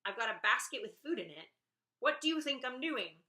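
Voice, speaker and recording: A woman's voice: fairly high pitch, very animated, fairly quick, pushed and bright. A young woman vlogging a casual rant, exasperated and sarcastic, swearing freely.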